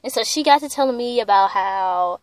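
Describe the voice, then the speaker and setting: A woman's voice: fairly high pitch, expressive, normal speed, no echo. A young woman tells a heated, profane story in a casual vlog, full of "like". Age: young adult. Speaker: vlogger.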